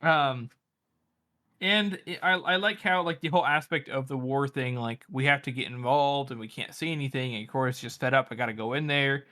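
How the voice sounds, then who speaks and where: A young man co-hosting a podcast, talking excitedly with many fillers. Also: medium pitch, moderate pace. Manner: excitable, lots of fillers and laughs. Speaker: podcast co-host. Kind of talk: casual chat.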